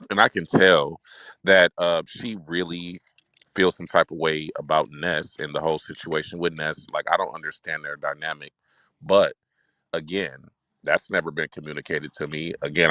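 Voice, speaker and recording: A man with a very deep, low voice talks things through on a livestream, direct and measured. The sound is dry and close. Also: sharp tone, no echo, rough recording. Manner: direct, measured, speaks in long reasoning runs. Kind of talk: casual livestream chat.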